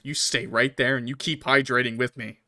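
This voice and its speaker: A man streaming a game, reading the characters' lines aloud in put-on higher voices between joking and swearing. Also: little pitch movement, moderate pace, sharp tone. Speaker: gaming streamer. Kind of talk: let's play with voiced dialogue reading. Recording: music playing behind the voice. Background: game music.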